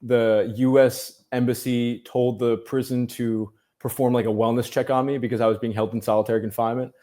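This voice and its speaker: A man speaks at an ordinary middle pitch as a podcast guest. He tells his story at length, dropping in "um"s and "you know"s and restarting sentences as he goes. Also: level tone, brisk, mellow. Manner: storytelling, many fillers and restarts. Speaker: guest journalist. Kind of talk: casual podcast interview.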